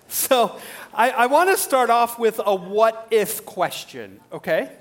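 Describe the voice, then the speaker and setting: A male pastor preaching an animated sermon, full of rhetorical questions. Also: sits high, a little slow.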